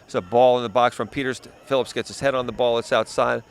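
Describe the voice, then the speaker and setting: On an outdoor soccer field with faint background noise, a man gives local play-by-play commentary for a youth game, peppering his explanations with "yep" and "uh." His creaky voice is medium-pitched and steady, and he talks quickly.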